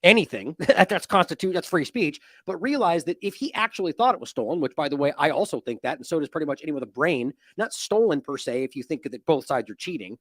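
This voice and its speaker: A man hosts an independent news commentary show, speaking quickly with a lively, swooping delivery. His tone is indignant and mocking. The sound is dry and close to the mic, with a slightly high voice. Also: no echo. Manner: animated, indignant, mocking with sarcastic quotes.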